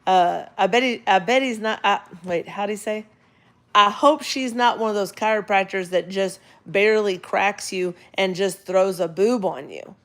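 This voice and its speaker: Lady chiropractor chatting on the couch, lively storyteller, does the voices of folks she quotes. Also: mid-range voice, moderate pace. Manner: chatty, animated storyteller who quotes others in character. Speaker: chiropractor and vlog host. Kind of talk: casual storytelling chat.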